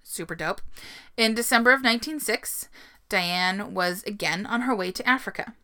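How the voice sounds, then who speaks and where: Telling a story on a podcast she co-hosts, a woman talks casually at normal speed and an easy pace. Her bright, forceful voice is medium-pitched, and she laughs frequently and drops the odd swear word.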